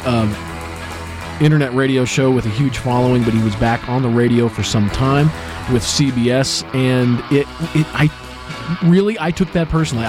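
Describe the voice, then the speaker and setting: A man hosting a podcast, telling stories in a rambling, self-deprecating way. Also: mid-range voice. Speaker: podcast host. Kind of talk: casual retrospective narration.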